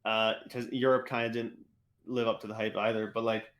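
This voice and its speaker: A young man co-hosting a casual gaming podcast, talking in excited, rambling bursts full of "like" and restarts. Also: fairly low pitch, fairly quick. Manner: excitable, rambling, heavy use of "like". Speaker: podcast co-host. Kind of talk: casual esports podcast chat.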